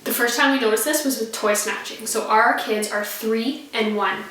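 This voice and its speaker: A woman in her thirties casually talking about parenting to the camera, chatty and laughing often, getting lively when she quotes her kids. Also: a little high, moderate pace. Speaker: parenting vlogger. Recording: echoey room, a little far from the mic.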